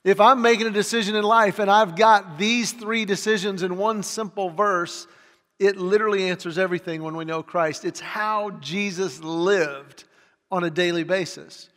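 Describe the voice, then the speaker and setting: Man in his forties preaching, lively storytelling, raised pitch, ringing hall sound. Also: normal speed. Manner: animated storyteller, acts out quoted voices. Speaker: pastor. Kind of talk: sermon with storytelling. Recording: long hall reverb.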